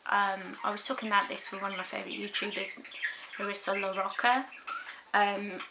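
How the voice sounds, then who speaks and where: A young adult woman vlogger talking casually to camera, thoughtful and halting, with many pauses and ums. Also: medium pitch, little pitch movement, heavy background noise. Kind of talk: casual personal talk to camera.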